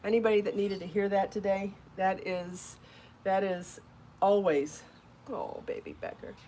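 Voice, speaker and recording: A woman's voice: mid-range voice, level tone, a little slow, warm tone, slight background noise. Chatty encouraging woman on a live stream. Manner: chatty, encouraging, laughs often, answers viewer comments. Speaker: podcast host and crochet designer. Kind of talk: casual live-stream chat.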